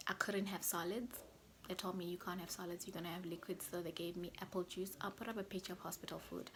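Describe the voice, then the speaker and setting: A young woman with a lowish voice tells her story straight to her viewers, loose and chatty, as a vlogger talking casually to camera. Mid-sentence she often sinks into a soft whisper. A faint hiss sits under the recording.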